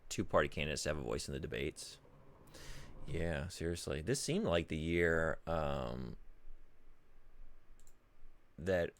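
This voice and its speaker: A man's voice: a bass voice, lively intonation, unhurried, long pauses, slight background noise. A male streamer chatting casually while playing a game, rambling and swearing as he thinks aloud.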